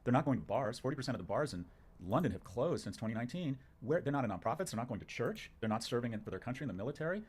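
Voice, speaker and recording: A man's voice: mid-range voice, very animated, very fast, slightly rough. A man speaking as a guest in a conversation, making emphatic, punchy declarations and arguing his points in short bursts. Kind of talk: opinionated conversation.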